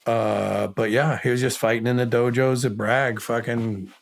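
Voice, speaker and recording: A man's voice: medium pitch, fairly even intonation, moderate pace, gravelly, slight background noise. A middle-aged man and former soldier, giving an interview as the guest and telling stories bluntly, swearing constantly and acting out the people he quotes. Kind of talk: casual profane storytelling.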